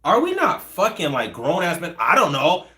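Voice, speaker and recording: A man in his thirties hosts his own live stream and talks straight to the viewers. He rants bluntly and swears freely, and his voice sits a touch high and swings up and down. He reads out comments as they come in and answers them. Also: moderate pace. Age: 30s. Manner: blunt, profane, ranting, animated. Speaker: channel host answering live chat. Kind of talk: casual livestream chat.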